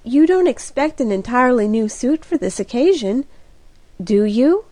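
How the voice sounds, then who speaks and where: A woman voicing a calm, patient older sister in an audiobook reading, speaking in a quiet, measured, slightly anxious way. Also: on the high side, no echo, close to an everyday voice. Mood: gentle.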